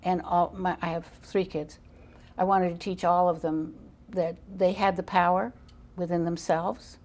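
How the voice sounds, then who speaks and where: A woman's voice: lowish voice, level tone, a little slow, a little mellow. An older woman as an interview guest on parenting, telling stories in an earnest, emphatic way. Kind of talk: interview storytelling.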